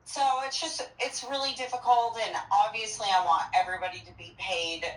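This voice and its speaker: A woman's voice: medium pitch, steady tone, a little fast. A woman who owns a restaurant, a guest talking earnestly and with a lot of "like" and "you know.". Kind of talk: casual chat. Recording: echoey room.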